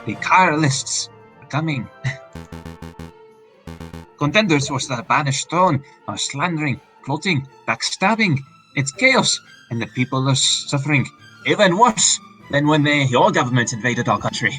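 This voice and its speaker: A man's voice: fairly high pitch, big pitch swings, bright, forceful tone, faint music behind, full character voice, poor audio. A man voicing a flamboyant young male fox prince in a put-on Spanish accent, grandiose and theatrical. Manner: grandiose, theatrical, drawn-out words.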